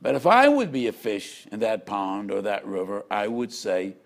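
A man, a rabbi, giving a measured, emphatic Torah lecture with storytelling. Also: on the low side, lively intonation, vocal fry.

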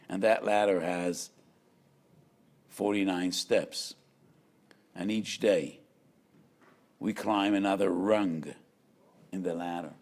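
A man, a rabbi, giving a measured, emphatic Torah lecture with storytelling. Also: deep voice, creaky, a little mellow.

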